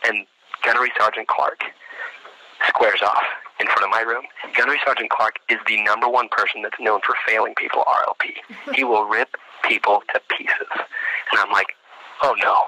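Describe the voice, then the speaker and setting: A young man telling an animated casual anecdote, with frequent restarts and acted-out quotes. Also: fairly low pitch, moderate pace, rough recording. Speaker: storyteller.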